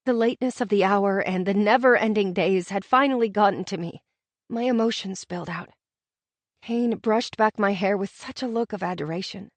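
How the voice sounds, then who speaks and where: Woman narrator, mid-pitched voice, intimate expressive romance reading, dry studio sound. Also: normal speed, no room sound. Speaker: audiobook narrator. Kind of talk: first-person romance audiobook narration.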